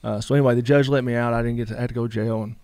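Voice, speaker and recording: A man's voice: medium pitch, steady tone, rapid-fire, a little mellow, dry recording. A middle-aged man, telling a story casually in a rambling way, full of fillers and quoted dialogue. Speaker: guest.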